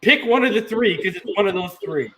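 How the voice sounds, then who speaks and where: A man's voice: high voice, bright, forceful tone, rough recording. Emphatic man co-hosting a sports podcast. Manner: emphatic, slows down to drive points home. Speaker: podcast co-host. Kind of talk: casual sports podcast chat.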